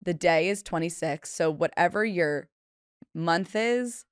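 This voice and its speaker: A woman's voice: lowish voice, a little slow, clear, resonant tone, no echo, studio quality. A woman in her twenties hosting a solo podcast, telling stories in a chatty, self-deprecating way and acting out the people she quotes. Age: 20s. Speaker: podcast host. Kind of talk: casual solo podcast storytelling.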